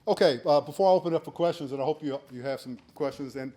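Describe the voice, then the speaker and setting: A man in his sixties giving a keynote speech, telling a folksy story and becoming animated when he acts out shouted quotes. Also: on the high side, quick pace. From United States. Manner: earnest and urging in advice. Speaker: keynote speaker.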